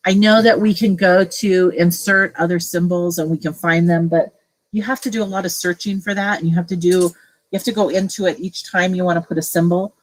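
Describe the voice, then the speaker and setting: A middle-aged woman with a slightly low voice leads a relaxed screen-share tutorial for fellow teachers. She talks casually, thinking aloud with small fillers as she goes. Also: a little fast, rough recording. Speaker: teacher leading a tech training session.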